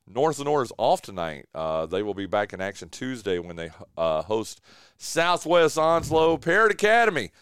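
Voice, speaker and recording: A man hosts a casual sports radio show from a studio, chatty and full of fillers and saying "dude" a lot. His mid-range voice is sing-song, fairly bright, and clean at a moderate pace, recorded on a studio mic with no echo.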